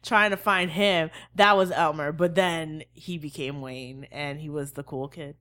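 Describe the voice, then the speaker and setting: A woman's voice: low voice, fairly even intonation, unhurried, a bit bright. A woman co-hosting a podcast in casual conversation, adding wry, dry sarcastic asides. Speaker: podcast co-host.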